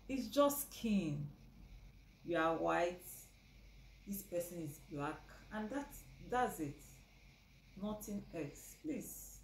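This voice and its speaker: A woman's voice: on the low side, vocal fry. A woman hosting a vlog, earnest and pleading as she signs off. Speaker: host. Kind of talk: vlog commentary and sign-off. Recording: echoey room with faint background noise.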